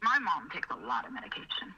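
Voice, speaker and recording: This middle-aged woman speaks fast in a bright, husky, lowish voice with big swings in pitch. Appearing as an interview guest, she tells earnest, emotional, rambling personal stories, and the video audio is slightly muffled.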